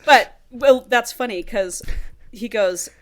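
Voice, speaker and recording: A woman co-hosting a podcast, recapping a book in animated, chatty casual talk. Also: on the high side, takes it slowly. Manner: chatty, animated storyteller, laughs often. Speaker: podcast co-host.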